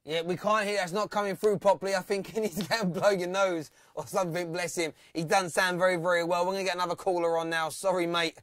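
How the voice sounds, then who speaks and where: Male phone-in host, high bright voice, laughs a lot, teases his callers. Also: steady tone, fast, few pauses, no echo. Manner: chatty, laughs often, teasing callers. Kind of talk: live fan phone-in show.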